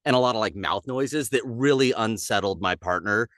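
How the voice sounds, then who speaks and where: A man who voices characters, chatting casually on a podcast, animated and slipping into quick character bits. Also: lowish voice, dry recording, clean studio sound. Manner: animated, slips into character voices mid-story. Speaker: voice actor guest.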